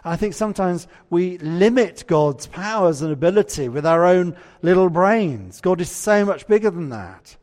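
A man's voice: high-pitched, lively intonation, normal speed, hardly any pauses, a little mellow. A man preaching a conversational sermon and often putting questions to the congregation. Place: church. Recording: church hall reverb.

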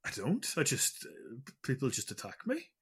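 A man's voice: mid-range voice, huge pitch swings, normal speed, husky. A man co-hosting a casual gaming podcast, rambling and self-deprecating with frequent stammered restarts. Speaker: podcast co-host.

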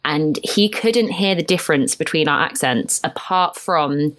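A woman co-hosting a podcast, chatting casually and telling stories with quick laughing asides. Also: low voice, a bit bright. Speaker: podcast co-host. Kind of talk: casual chat. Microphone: podcast microphone.

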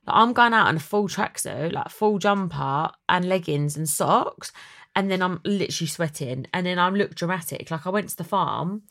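A young woman hosting a podcast, chatty and dramatic in a casual chat. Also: a bit bright. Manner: chatty and dramatic, quick swings in pitch. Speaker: podcast host.

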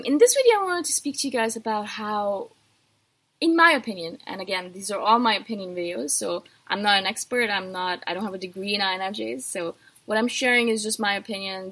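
A woman's voice: mid-range voice, a bit bright. A woman hosting her own podcast, talking casually and animatedly in a chatty, self-deprecating way. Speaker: podcast host. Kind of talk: casual solo talk.

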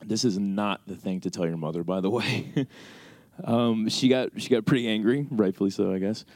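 An American panelist at a screening venue's live Q&A tells a personal story in an animated way, playing both sides of a talk with his mother, including her part. His voice is lowish at normal speed, and there's no room sound.

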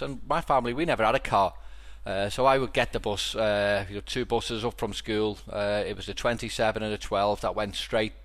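A man's voice: on the low side, fairly bright tone. A man with a Scouse accent from Liverpool, hosting a casual podcast and telling stories with lots of restarts and repeated words. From Liverpool, England. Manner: rambling storyteller with frequent restarts. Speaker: podcast host.

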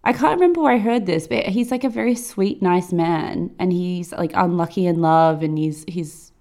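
A woman's voice: on the low side, moderate pace, a little mellow. A woman in her late twenties co-hosting a podcast, teasing her friend in a playful, rambling way. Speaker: podcast co-host. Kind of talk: casual chat.

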